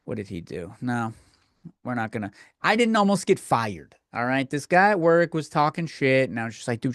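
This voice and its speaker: A man's voice: medium pitch, no echo, studio quality. A young man hosting a solo podcast, ranting bluntly and profanely and rambling with frequent restarts. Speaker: podcast host.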